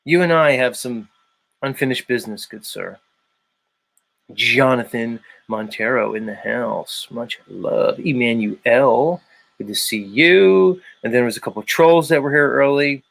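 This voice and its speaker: A man's voice: medium pitch, unhurried, creaky, a bit bright. A man hosting a livestream in a casual chat, reading out viewers' names and arguing his points. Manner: reads out chat names, argumentative. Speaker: livestream host.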